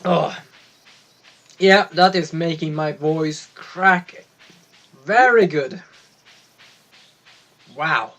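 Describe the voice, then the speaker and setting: A man streaming a farming game, chatting casually, playful and excitable, swearing now and then. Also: fairly high pitch. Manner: playful, excitable, swears, jumps into silly voices. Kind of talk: casual gaming commentary.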